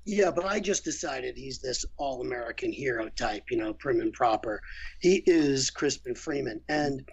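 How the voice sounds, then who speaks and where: A man's voice: medium pitch, normal speed, gravelly, husky. A middle-aged man talking as a podcast guest, a voice director telling anecdotes with lots of fillers. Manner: rambling, animated storyteller with many fillers. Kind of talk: casual podcast conversation. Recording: muffled lo-fi remote audio.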